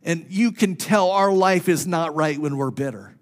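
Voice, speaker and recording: A male pastor preaching a sermon through a personal story, swinging between loud and hushed and repeating phrases for emphasis. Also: on the high side, moderate pace.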